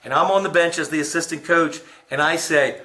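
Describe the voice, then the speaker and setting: A man interviewing a coach, chatting casually and telling rambling stories with halting restarts. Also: on the high side, pushed and bright. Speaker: interviewer and comedian. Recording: echoey room.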